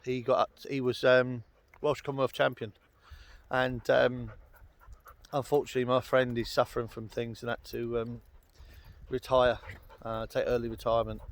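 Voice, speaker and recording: His delivery is flat, at normal speed, in a medium-pitched voice. The speaker, a vlogger from London, rambles casually on a hillside in Wales with dogs close by, filling his talk with ums and uhs.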